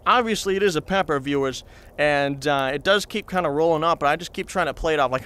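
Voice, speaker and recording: A high-pitched man spins a long comic anecdote in character as a reporter. He meanders and chats straight to his viewers, full of asides and fillers. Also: fast talker, a bit bright, clear, resonant tone. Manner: chatty, meandering, addresses viewers. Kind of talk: comedic rambling anecdote.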